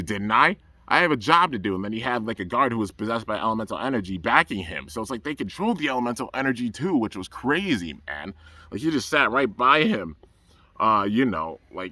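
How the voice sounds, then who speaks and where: A man excitedly reviewing a cartoon episode outdoors under the trees, rambling and enthusiastic and often saying "man". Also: fairly low pitch, no room sound. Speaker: anime reviewer.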